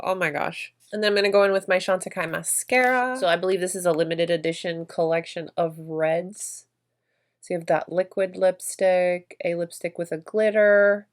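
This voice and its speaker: A woman vlogger narrating her makeup routine in a chatty, effusive way, gushing over products. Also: lowish voice. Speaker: beauty vlogger.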